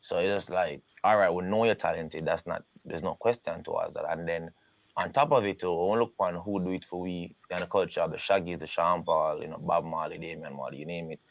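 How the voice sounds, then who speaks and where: A Jamaican man interviewing an artist in a relaxed conversation. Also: sits low, brisk, creaky, no echo.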